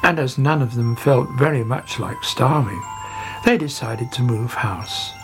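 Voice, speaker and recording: Woman storybook narrator, expressive, gentle pacing, music behind. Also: a bass voice, a little slow.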